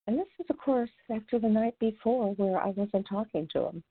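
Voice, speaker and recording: A woman who is a recovery coach and radio host, telling a personal story in an earnest, conversational way that gets animated when she retells it. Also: medium pitch, a little fast, few pauses, husky, no room sound. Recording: tinny phone-line radio audio, dry.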